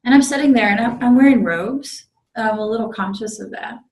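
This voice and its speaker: A woman's voice: fairly high pitch, a little fast, a little mellow, slight background noise, rough recording. A woman who is a Zen priest, giving a conversational dharma talk as she tells a personal story, with many ums and restarts. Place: meditation group room.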